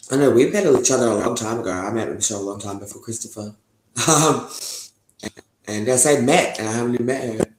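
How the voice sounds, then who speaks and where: A man's voice: mid-range voice, fast talker, slight background noise. A young man giving a candid, rambling interview testimony, swearing often and laughing between thoughts. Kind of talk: candid casual talk. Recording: echoey room.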